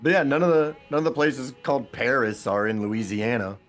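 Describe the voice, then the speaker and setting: A man's voice: mid-range voice, a little fast, soft background music. An American man chatting casually while gaming, rambling with restarts and swearing. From United States. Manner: rambling, profane, many restarts. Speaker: gaming co-host.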